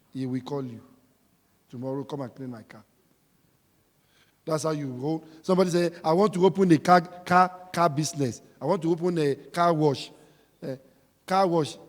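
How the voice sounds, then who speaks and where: A man preaching a sermon, emphatic and repetitive, swinging between shouting and quiet talk. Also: on the high side, long reverb tail.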